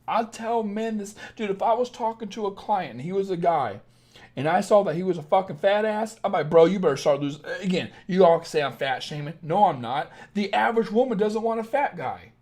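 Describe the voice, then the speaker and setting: A young man with a Southern Illinois accent hosts a late-night livestream as a dating coach. He talks bluntly and harshly, swearing often. His pitch swings widely as he talks. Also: animated, moderate pace, darkish tone.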